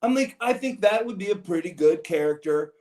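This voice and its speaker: A man's voice: high voice, lively intonation, a little fast, a little mellow. A man guesting on a podcast, telling long meandering stories and often repeating his words. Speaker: podcast guest, former pro wrestler. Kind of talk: rambling storytelling. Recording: roomy echo.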